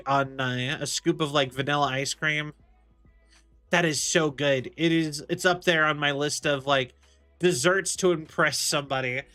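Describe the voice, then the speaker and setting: With a fairly high, bright and forceful voice, a man chats casually while streaming a game. He rambles, laughs often and restarts a lot.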